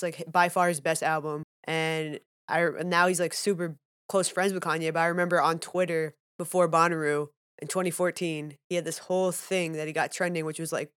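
A woman's voice: on the low side, steady tone, normal speed, fairly bright tone, clean tone. A woman co-hosting a podcast in casual, joking chat. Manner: chatty, joking. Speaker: podcast co-host.

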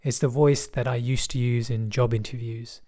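Wry, measured West London storyteller man. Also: medium pitch, little pitch movement, warm tone. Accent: West London English. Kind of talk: personal storytelling.

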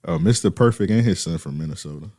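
A man's voice: deep voice, fast, warm tone, no room sound, clean studio sound. A man co-hosting a casual chat, bantering loosely with heavy slang.

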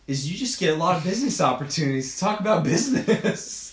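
A man's voice: fairly high pitch, very animated, quick pace, reverberant. A young man chatting as a podcast guest, joking and teasing and laughing often. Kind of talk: casual chat.

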